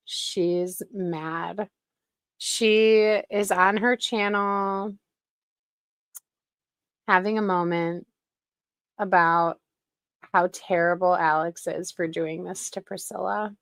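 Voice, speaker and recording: A woman's voice: fairly low pitch, fairly even intonation, slow, pauses often, smooth, no room sound. A woman hosting casual commentary in a sarcastic, gossipy way. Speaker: commentary channel host.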